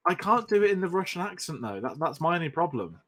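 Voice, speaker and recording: A man's voice: a little high, sing-song, fast talker, crowd noise. Rambling, laughing male podcast co-host. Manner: rambling, laughing, self-deprecating. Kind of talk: casual film chat.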